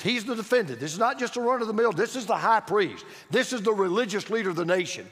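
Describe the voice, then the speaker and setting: Animated high-voiced preacher in an echoey hall. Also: male voice, fast, few pauses, breathy edge. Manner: emphatic, repeats key phrases, swings from loud to hushed. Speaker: pastor. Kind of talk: sermon. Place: church sanctuary.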